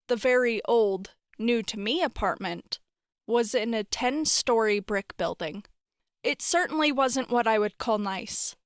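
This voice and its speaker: Smooth-voiced woman narrating a horror tale. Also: a little high, dry recording, studio quality. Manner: wry, expressive storytelling. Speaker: narrator reading a horror story. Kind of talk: scripted story narration.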